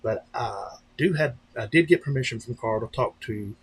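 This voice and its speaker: A man hosting a casual live stream, rambling along with many fillers and restarts and slipping into lively voices when he retells a story. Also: medium pitch, normal speed, slight background noise, poor audio. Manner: breaks into animated voices when retelling stories. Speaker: channel host on a live stream.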